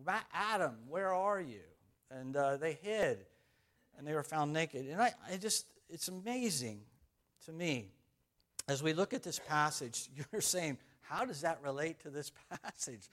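A man who is a pastor, praying for his congregation and then telling a personal story in a halting, conversational sermon with many restarts. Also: fairly high pitch, lively intonation, a bit bright. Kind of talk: sermon with prayer and anecdotes.

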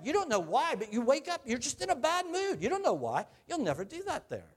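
A middle-aged pastor delivers a sermon conversationally, posing questions to the congregation and moving between loud and quiet. His voice is very high-pitched with huge swings in pitch, and he talks fairly quickly with hardly any pauses.

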